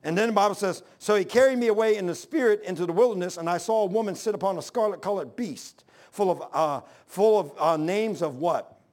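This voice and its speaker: A man preaching a sermon, swinging between loud exhortation and low hushed asides. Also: fairly quick. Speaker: pastor.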